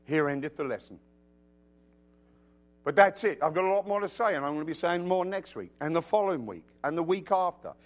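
A man preaching a sermon, emphatic and quoting scripture, who drops to a hush and then rises into loud bursts, with humorous asides. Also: sits high, animated, quick pace, few pauses.

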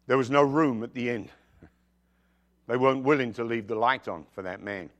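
A male pastor preaching a sermon, telling personal stories in an animated, emphatic way with jokey asides. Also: mid-range voice, normal speed. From outside the United States.

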